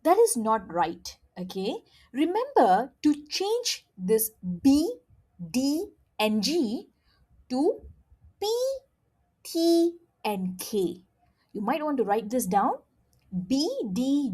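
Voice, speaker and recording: Slow, lively-voiced woman teaching. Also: high-pitched. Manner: patient, checks in with "okay?" often; demonstrates sounds by drilling syllables aloud. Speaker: language teacher. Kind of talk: online language lesson.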